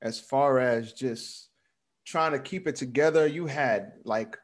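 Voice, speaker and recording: A man's voice: medium pitch, measured pace. A man co-hosting a casual wrestling podcast, blunt and swearing freely, laughing often as he talks. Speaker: podcast co-host.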